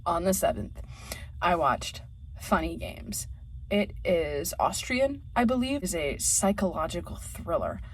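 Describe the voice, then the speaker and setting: A woman's voice: fairly low pitch, lively intonation, unhurried, a little hiss or hum. A woman vlogger rambling through a casual, profane movie rant, laughing often.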